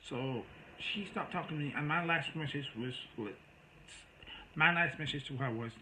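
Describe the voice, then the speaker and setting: A man's voice: on the high side, normal speed, sharp tone, slight background noise, poor audio. A man telling a rambling, exasperated story in a casual monologue to his viewers. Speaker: storyteller vlogger.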